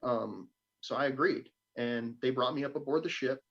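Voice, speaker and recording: A man's voice: mid-range voice, normal speed, creaky. A young man, a guest on a live stream, casually telling a story, swearing a lot and acting out the voices he quotes. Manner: profane, animated, acts out quoted voices. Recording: dull lo-fi stream audio.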